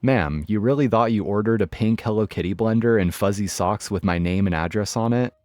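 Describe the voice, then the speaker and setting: A man's voice: on the low side, a little fast, a little mellow, no room sound. A man narrating online stories in a wry, matter-of-fact scripted style. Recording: dry studio voice with faint music. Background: faint background music.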